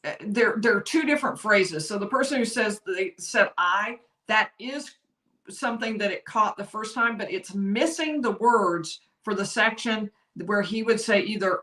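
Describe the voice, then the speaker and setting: Bright-voiced woman, legal commentator. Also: medium pitch, normal speed. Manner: chatty, apologetic about tech slips, laughs easily. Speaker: lawyer commentator. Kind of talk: live-stream legal commentary. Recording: roomy echo.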